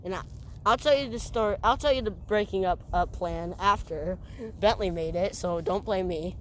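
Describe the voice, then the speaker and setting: A woman's voice: mid-range voice, moderate pace. A teenage girl hosting a casual podcast with a friend, rambling with lots of restarts and giggles. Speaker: podcast host. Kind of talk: casual chat between friends. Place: outdoors. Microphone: phone. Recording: faint outdoor background noise.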